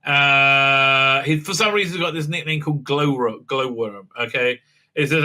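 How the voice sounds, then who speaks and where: Bright and forceful, his mid-range voice carries a casual, meandering episode recap as he hosts a show. He stumbles along with plenty of fillers, mocks things on the side, and does silly voices when quoting characters.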